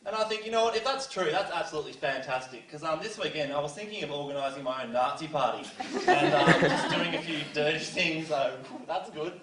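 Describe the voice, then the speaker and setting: A man's voice: a little high, a little fast, far from the mic. A teenage man doing a rambling, self-deprecating stand-up set full of fillers. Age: teens. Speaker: stand-up comedian. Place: school comedy stage before a live audience. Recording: echoey hall from afar, crowd laughing. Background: audience laughter.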